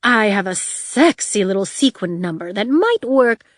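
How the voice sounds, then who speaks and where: A woman's voice: medium pitch, sing-song, no echo. Lady putting on a vain flashy villainess, drawly and over the top, dry close sound. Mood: drawling. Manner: drawling, theatrical, drawn-out words. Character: flamboyant glamorous female supervillain, vain.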